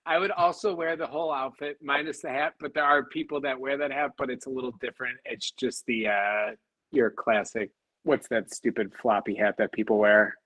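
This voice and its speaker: A man co-hosting a casual podcast, halting as he searches for words. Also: medium pitch, fairly even intonation, a bit bright, no room sound, low-quality recording. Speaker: podcast co-host. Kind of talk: casual chat.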